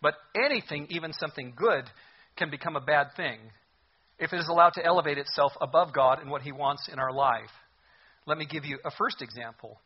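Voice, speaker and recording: A man's voice: fairly high pitch, brisk, slightly rough, highs cut off. A man preaching a sermon in an earnest, conversational way, asking his listeners rhetorical questions. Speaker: pastor.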